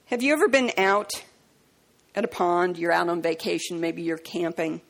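A woman preaching a sermon, telling stories and acting out conversations in a raised voice, slowing down to stress key words. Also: lively intonation, vocal fry. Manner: acts out dialogue in a high voice, slows for emphasis. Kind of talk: sermon with storytelling.

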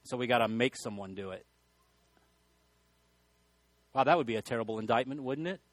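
A man's voice: medium pitch, moderate pace, no echo. A male pastor preaching a sermon, telling folksy stories and often restarting his sentences. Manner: folksy storytelling with repeated restarts.

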